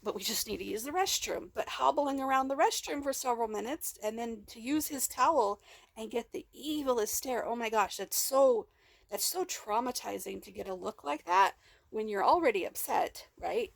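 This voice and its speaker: A woman's voice: a little high, animated, moderate pace, creaky, no echo. A woman telling a raw personal vlog story into a handheld phone, rambling and emotional, with many restarts, speaking of herself as "we". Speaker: vlogger.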